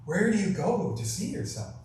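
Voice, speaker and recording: A man's voice: high voice, very animated, moderate pace, darkish tone, very echoey, recorded from a distance, a little hiss or hum, poor audio. A male guest minister giving a reflective, conversational sermon, often checking in with "right?". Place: temple hall.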